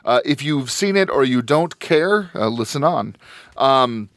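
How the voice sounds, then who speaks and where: Podcast host, male, hesitant delivery with frequent ums, mid pitch. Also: animated, a little slow, a bit bright, no room sound. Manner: hesitant, many ums and restarts. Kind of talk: casual podcast chat.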